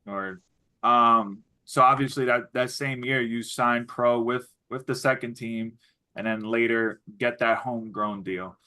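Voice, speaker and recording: A man's voice: mid-range voice, fairly even intonation, measured pace, pushed and bright. A man interviewing a young athlete, asking long, looping questions full of restarts.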